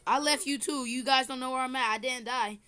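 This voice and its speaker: A woman's voice: high-pitched, fairly even intonation, brisk, sharp tone, clear, resonant tone. An older woman giving playful, teasing commentary while playing a game with her family, recorded on a phone. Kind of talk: casual gameplay commentary. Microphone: phone screen recording.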